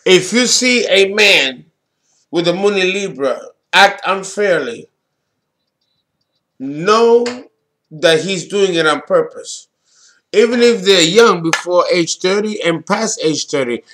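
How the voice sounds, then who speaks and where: A man with a high, bright voice talks through astrology at an unhurried pace. He leans on words for emphasis and drops blunt, casual swearing into his points. He sounds like a solo presenter speaking straight to his audience.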